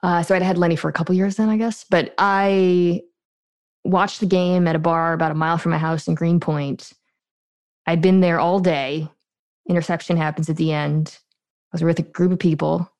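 A woman with a slightly low voice tells a story in a quick, chatty way. She is a podcast guest, easy and conversational. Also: little pitch movement, darkish tone, dry recording. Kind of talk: casual storytelling.

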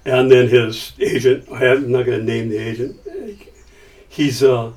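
An older man telling a story as a guest, with lively acting-out of the dialogue he quotes. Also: mid-range voice, normal speed, recorded from a distance. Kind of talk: casual storytelling.

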